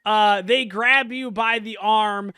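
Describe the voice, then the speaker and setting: Guy running a dnd game, kinda high bright voice, laid-back and chuckly. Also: fairly even intonation, slow pace, clear, resonant tone, no room sound. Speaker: game master. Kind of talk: narrating a casual tabletop game.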